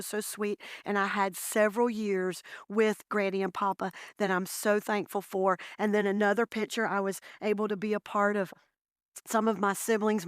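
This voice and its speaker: A woman's voice: medium pitch, dry recording. Woman, heartfelt testimony, storytelling, close dry mic, church talk. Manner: heartfelt, storytelling, addresses listeners as "y'all". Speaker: guest speaker. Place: church breakfast gathering.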